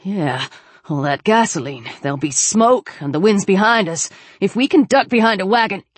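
A woman voicing a gruff older male soldier who talks in rough, clipped orders. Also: mid-range voice, lively intonation, moderate pace, no echo, lightly acted.

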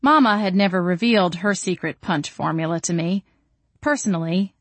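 A woman reading a first-person novel aloud in a calm, measured audiobook narration. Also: lowish voice, no room sound.

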